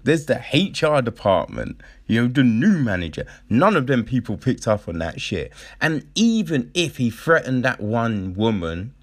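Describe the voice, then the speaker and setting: Animated, profane man ranting. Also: mid-range voice. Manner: profane, incredulous, exasperated. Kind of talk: casual ranting commentary.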